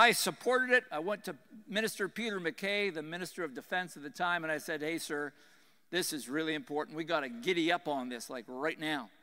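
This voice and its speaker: Man, middle-aged, slight texan twang, high bright voice, smooth and clear, earnest speech, long echoing hall reverb. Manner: earnest, emphatic, drops to a quiet intense tone on heavy points. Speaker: former senior military commander giving a speech. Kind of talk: public speech to an audience.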